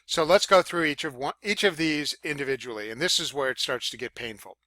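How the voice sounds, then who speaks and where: A man teaching public speaking in a casual lecture, with fillers and self-corrections, demonstrating loud, soft, high and low voices as he explains. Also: brisk, no room sound. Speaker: college speech instructor. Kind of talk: recorded lecture.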